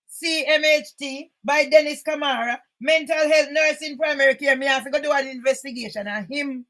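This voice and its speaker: An older woman with a high-pitched voice reads documents aloud to her channel. She cuts in with indignant comments and often bursts into shouting. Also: steady tone, normal speed, few pauses, poor audio. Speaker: channel host.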